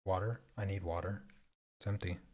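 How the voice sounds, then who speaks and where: Deep-voiced male art teacher, easygoing host, halting paint-and-chat delivery. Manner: relaxed, halting, repeats words while thinking. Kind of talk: casual chat while painting.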